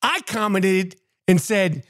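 A man's voice: sits high, slow pace, a bit bright, no room sound, clean studio sound. A man ranting in a casual, profane, mocking way as a podcast host. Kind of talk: casual rant.

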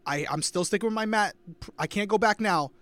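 A man co-hosting a casual live stream, making fast, emphatic calls. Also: sits high, fairly bright tone. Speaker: co-host.

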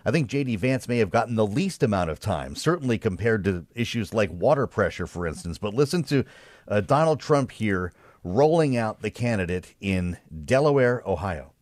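A man's voice: lowish voice, big pitch swings, normal speed, darkish tone, no echo, studio quality. A male host leading a political discussion with a conversational, quipping manner.

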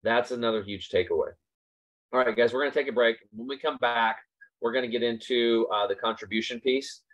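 A man's voice: medium pitch, a little fast, fairly bright tone. A man hosting a casual motivational talk, speaking emphatically and repeating his points for stress. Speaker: host. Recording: slightly dull lo-fi recording.

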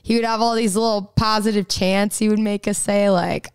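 A chatty 22-year-old Texas woman, a singer-songwriter appearing as a guest, talks casually in a radio interview, laughing often and rambling through restarts. Her mid-range voice is gravelly and darkish yet clear and resonant, with a flat delivery at a moderate pace. There is no echo.

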